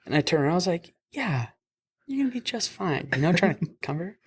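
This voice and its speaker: Young man, paramedic podcast host, casual storytelling, animated, laughs a lot. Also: sits high, fast, breathy edge. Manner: animated, acts out voices in his stories, laughs often. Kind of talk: casual storytelling over beers.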